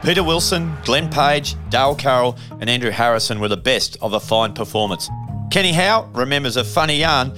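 Male documentary narrator over guitar. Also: mid-range voice. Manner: steady, measured read of scores and names. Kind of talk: scripted narration.

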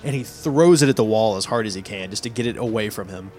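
A man's voice: lowish voice, quick pace, music in the background. A man playing a tabletop game, describing his character's actions in the third person. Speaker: player. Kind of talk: casual tabletop play.

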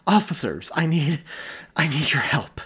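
A man voicing a panicked, breathless young man in an audiobook, urgent and loud. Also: mid-range voice, very animated, brisk, husky.

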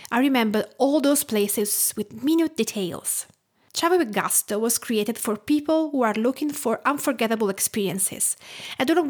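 A woman in her thirties from Tuscany with an Italian accent, narrating her food podcast in a reflective storytelling way. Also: a little high. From Tuscany, Italy. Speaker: podcast host.

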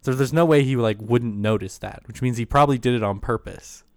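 A man's voice: medium pitch, brisk, a little mellow, smooth, no echo, studio quality. A man co-hosting a podcast, telling a story in a laid-back way, swearing freely and laughing often. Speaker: podcast co-host. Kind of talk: casual chat and storytelling.

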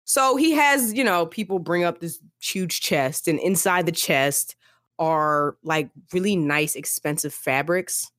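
A woman co-hosting a podcast, telling the story in a lively, casual way full of "like" fillers. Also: fairly low pitch, unhurried, dry recording, studio quality. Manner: animated storytelling, many "like" fillers, acts out characters. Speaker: podcast co-host. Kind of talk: casual book-discussion chat.

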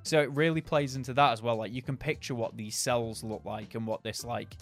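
A male podcast host reads a horror story aloud in a measured, dramatic voice at an ordinary middle pitch, then slips into easy chat with a co-host. Soft music sits faintly underneath. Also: fairly even intonation.

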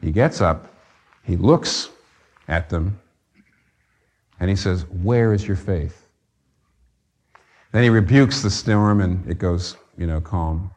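A man's voice: low voice, takes it slowly, pauses often, darkish tone. A man preaching a sermon, earnest and conversational, rising to fervent emphasis on key points. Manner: conversational with fillers and restarts. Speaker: pastor.

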